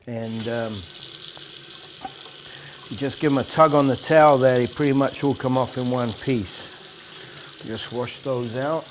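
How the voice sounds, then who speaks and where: A middle-aged English home cook, who is also president of a biker club, makes a curry at home while cracking dry jokes in a casual demonstration. He sounds wry and hesitant, using fillers, with a mid-range, fairly even voice at an unhurried pace with long pauses. There is noise in the background.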